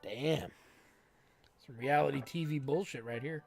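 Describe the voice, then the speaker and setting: A woman's voice: very deep voice, unhurried, gravelly, pauses often, darkish tone, slightly rough. A woman giving casual, wry gameplay commentary as a let's play host. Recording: faint game music behind.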